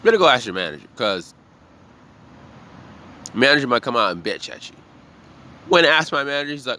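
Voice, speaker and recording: A man who works as a bartender, giving a blunt, profane, animated monologue about trusting your gut. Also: medium pitch, moderate pace, pauses often. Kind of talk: casual motivational monologue.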